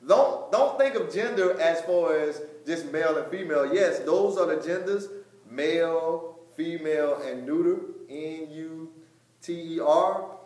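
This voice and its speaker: A man teaching a Bible study, emphatic, often repeating words, with loud stressed points and quieter asides. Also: fairly high pitch, a little slow. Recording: echoey room.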